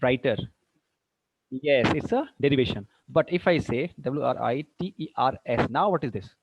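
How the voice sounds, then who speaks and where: A man's voice: mid-range voice, lively intonation, moderate pace, husky. A man teaching English grammar to a class, quizzing the students and mixing in Hindi. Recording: dull dry classroom recording.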